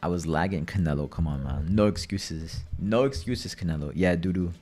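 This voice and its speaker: Young male streamer, low-pitched, loose chatty delivery, cursing, light music bed. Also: normal speed, a little mellow. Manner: rambling, swearing, chatty storytelling. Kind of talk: casual gaming commentary.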